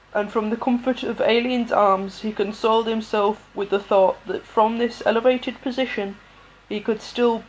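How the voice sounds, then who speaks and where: A woman reading a novel aloud as an amateur audiobook, unhurried, with pauses and the odd restart. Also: a little high, slight background noise, rough recording. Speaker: audiobook reader.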